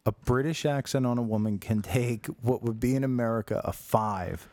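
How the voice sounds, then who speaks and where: A man co-hosting a talk show, teasing the others with crude jokes and quick mock voices. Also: mid-range voice, a little mellow, no room sound. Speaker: co-host. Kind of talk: crude comedic banter.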